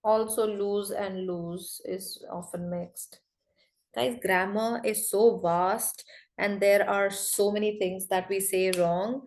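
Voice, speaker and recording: A woman with an Indian English accent teaching an online class over a video call, briskly scolding students who laugh and talk. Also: medium pitch, steady tone, darkish tone.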